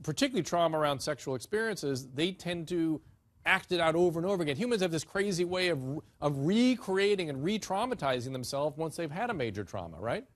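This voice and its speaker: A man hosting a talk show, a doctor who speaks briskly in quick bursts with restarts. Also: fairly high pitch, big pitch swings.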